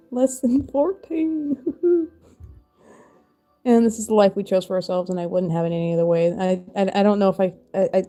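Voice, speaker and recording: A woman's voice: mid-range voice, mellow. A woman in her thirties chatting casually while crafting on a stream, rambling and laughing often.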